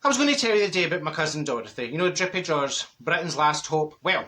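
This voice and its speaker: Brief: gossipy middle-aged Glaswegian woman, bright sharp voice, giggly asides, played by a man. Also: fairly high pitch, animated, quick pace. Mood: chatty. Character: chatty middle-aged Glasgow woman, straight-talking gossip. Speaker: comedy character host. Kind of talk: comic character monologue.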